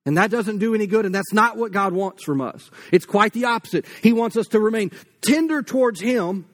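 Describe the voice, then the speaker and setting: A pastor delivers a sermon in an easygoing, conversational tone, full of casual asides. His voice sits high for a man. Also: lively intonation, fairly quick. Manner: conversational, folksy preaching with asides.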